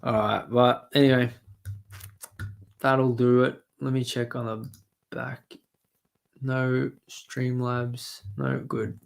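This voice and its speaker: Australian man, casual stream chat, heavy swearing, creaky, ranting. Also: medium pitch, level tone, takes it slowly, long pauses. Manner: ranting, swearing, mumbling asides.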